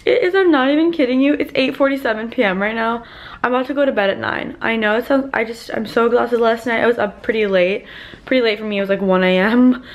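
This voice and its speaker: A woman's voice: a little high, fast, dull audio. A woman vlogging in a rambling, chatty way, full of filler "like"s, sounding tired at the end of the day. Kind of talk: casual vlog chat.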